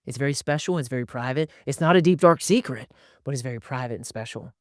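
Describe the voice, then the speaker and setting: Man, middle-aged, podcast co-host, animated storyteller, smooth clear voice, dry close mic. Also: fast talker, no echo. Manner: animated, acts out dialogue with his sons in a higher voice. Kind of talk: casual podcast conversation.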